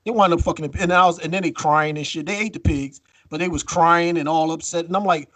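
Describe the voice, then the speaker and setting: A man co-hosting a podcast in casual chat, telling a story with lively acted-out quotes and free swearing. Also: a little high, brisk, few pauses, no echo. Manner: animated storytelling, acts out quotes, swears freely. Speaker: podcast co-host.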